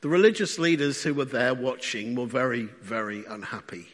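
A man's voice: medium pitch, lively intonation, normal speed. A man preaching a sermon in a conversational way, often asking the congregation questions. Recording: long hall reverb.

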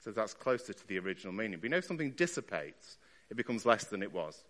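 A man's voice: on the low side, sing-song, fast, a bit bright, big-room sound. A man preaching a sermon in a church, talking conversationally and asking his listeners rhetorical questions.

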